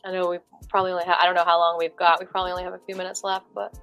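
Chatty woman musician with a lowish voice. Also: very fast, faint music behind, low-quality recording. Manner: chatty and animated, with many fillers. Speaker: musician guest. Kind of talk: casual interview chat.

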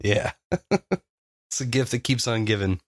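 A man's voice: on the low side, measured pace, dry recording. Casual chatty young man, dry sound. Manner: rambling, filler-heavy, laughs often. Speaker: podcast co-host. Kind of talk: casual chat.

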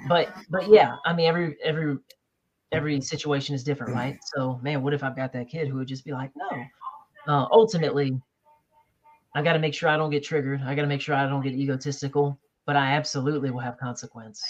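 A man's voice: mid-range voice, level tone, fast talker, highs cut off. Firm, emphatic male pastor. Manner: firm, emphatic, acts out quoted dialogue. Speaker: pastor and guest. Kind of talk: casual podcast discussion.

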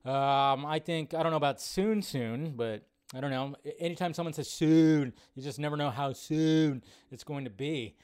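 A man's voice: on the high side, normal speed, a little mellow, clean tone. Chatty male live-stream host. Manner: loose and chatty, rambling with fillers. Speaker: host of a live film news show. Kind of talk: casual live-stream chat greeting viewers.

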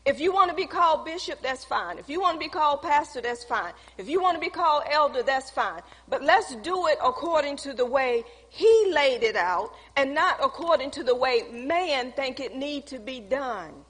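High-voiced woman pastor preaching. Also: lively intonation, normal speed, few pauses, a bit bright. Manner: storytelling, reenacting conversations, preachy emphasis. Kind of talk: sermon with personal testimony. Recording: long hall reverb.

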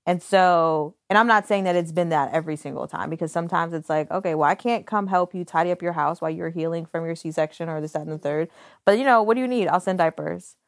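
A young adult woman co-hosting a casual podcast chat, telling lively stories and acting out the dialogue. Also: deep voice, quick pace, few pauses, dry recording, studio quality. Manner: animated storyteller, acts out dialogue. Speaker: podcast co-host.

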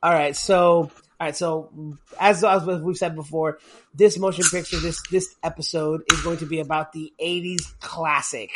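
High-pitched male co-host, casual rambling banter. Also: fairly even intonation, moderate pace, background noise. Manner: joking, rambling, laughs often. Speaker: podcast co-host. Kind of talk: casual chat.

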